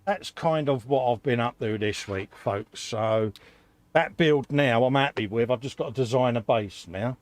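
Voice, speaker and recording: A man's voice: medium pitch, moderate pace, no echo. A man co-hosting a live model-building stream, chatting casually and reading out viewer comments. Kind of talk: casual chat.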